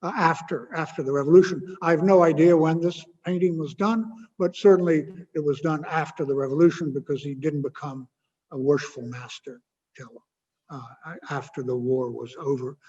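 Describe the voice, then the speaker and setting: A man delivers an informal history lecture, stopping often with filler sounds and dropping wry asides. His voice sits a little high. The recording is a little muffled and carries a long hall reverb. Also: steady tone, moderate pace, a little mellow, husky. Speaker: guest speaker.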